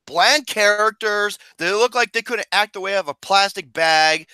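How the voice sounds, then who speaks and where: A man hosting a casual movie podcast, talking in an excitable, profane, ranting way. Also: high voice, normal speed, few pauses, smooth, no room sound. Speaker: podcast host.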